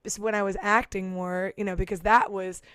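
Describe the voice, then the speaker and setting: A woman's voice: medium pitch, flat delivery, fairly quick, a bit bright, smooth, no room sound, clean studio sound. A woman musician chatting casually, talking through her thoughts with many fillers and restarts. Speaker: musician and podcast guest. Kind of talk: casual chat. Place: San Diego.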